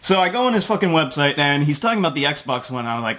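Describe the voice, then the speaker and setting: A man's voice: a little high, big pitch swings, fast, a bit bright. A man ranting sarcastically as a video blogger, swearing often and mocking what he reads. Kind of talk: profane ranting commentary.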